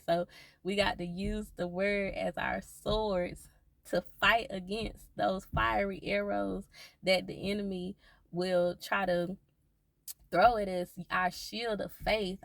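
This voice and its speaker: A woman faith vlogger speaks earnestly to her viewers in a mid-range, gravelly voice, level in tone and slow in pace. Her encouraging talk about faith keeps returning to the same reassuring phrases, and there's no room sound.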